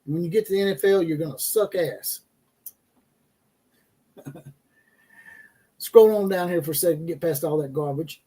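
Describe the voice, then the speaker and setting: Hosting a college football livestream, a brash man speaks at normal speed in a fairly high, mellow voice with a breathy edge, pausing often. His talk is loose and profane as he mocks players and reporters, reads chat, and chuckles at his own jokes.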